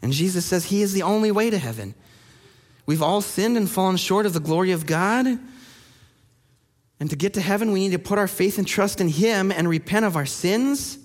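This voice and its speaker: High-voiced pastor telling a story. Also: male voice, long reverb tail. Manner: animated storyteller acting out quoted people. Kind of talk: sermon storytelling.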